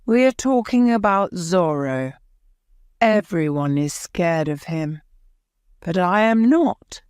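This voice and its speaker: A woman's voice: lowish voice, lively intonation, slow pace, a little mellow, smooth, dry recording, studio quality. A woman voicing a boastful, greedy male army sergeant in an audiobook, blustering as she speaks. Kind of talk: audiobook character voice.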